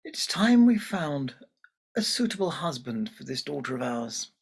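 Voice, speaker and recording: A man voicing a stern, commanding sun goddess who shouts at her daughter in a told folktale. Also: a little high, sing-song, unhurried, vocal fry, slightly rough, heavily acted.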